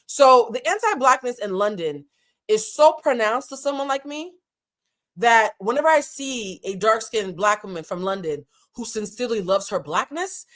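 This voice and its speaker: A woman's voice: on the high side, fairly bright tone. Brash, swearing woman recapping reality TV. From United States. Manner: candid, brash, swears freely, quick asides. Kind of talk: casual profane recap commentary.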